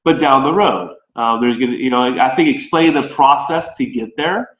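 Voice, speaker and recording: An American man, a baseball coach, speaks as a podcast guest in a mid-pitched voice. His speech echoes in a roomy space. He talks in a relaxed, conversational way, thinking his ideas through out loud. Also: normal speed. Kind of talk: podcast interview.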